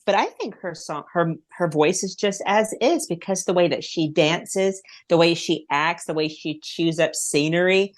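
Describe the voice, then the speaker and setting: A woman hosting a casual chat, enthusiastic and animated as she retells favorite scenes. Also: lowish voice, normal speed, few pauses. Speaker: podcast host.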